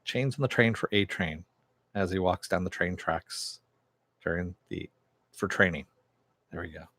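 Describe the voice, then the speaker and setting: A man's voice: deep voice, a little slow, fairly bright tone, no echo. A man giving a casual, chatty recap of a TV episode, with lots of fillers and some swearing. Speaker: TV show reviewer.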